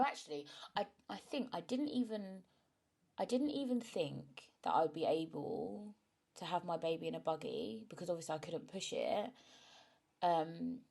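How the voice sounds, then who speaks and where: Young female podcast host, low-ish voice, frank and chatty, emotional. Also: darkish tone. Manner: frank and chatty, often asks "do you know what I mean". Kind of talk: candid solo podcast monologue.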